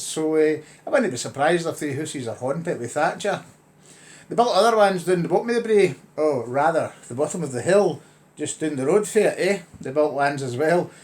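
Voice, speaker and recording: A middle-aged man with a Lanarkshire Scottish accent, ranting wryly and chattily to camera in a casual vlog. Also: fairly high pitch. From Scotland. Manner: chatty, wry, grumbling. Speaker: vlogger.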